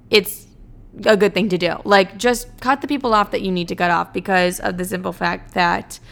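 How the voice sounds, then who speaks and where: Young woman ranting, lots of fry, says like constantly, swears a ton. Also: medium pitch, a bit bright. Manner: blunt, profane, ranting, lots of "like". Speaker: comedian answering fan questions. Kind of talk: casual chat.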